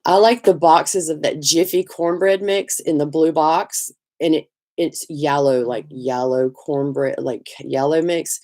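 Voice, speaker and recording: A middle-aged woman with a Southern US accent hosting a casual live chat, talkative and quick to laugh, greeting viewers by name. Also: deep voice, steady tone, a little mellow. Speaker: livestream host.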